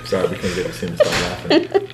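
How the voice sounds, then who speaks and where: A woman's voice: rumbling low, fast talker. A woman hosting a casual radio chat, playfully prompting students with questions. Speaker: host interviewing students. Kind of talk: casual kids' radio interview. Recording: echoey room with steady noise.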